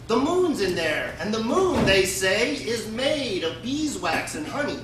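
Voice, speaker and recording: A man's voice: sits high, very animated, measured pace. A man doing a sly trickster coaxing bears. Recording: echoey room, distant mic, noisy.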